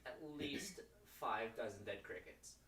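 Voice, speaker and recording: A man's voice: fairly low pitch, expressive, measured pace, crowd noise. A man narrating a tabletop role-playing game as game master, loose and rambling, often laughing. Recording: roomy, distant mic with music.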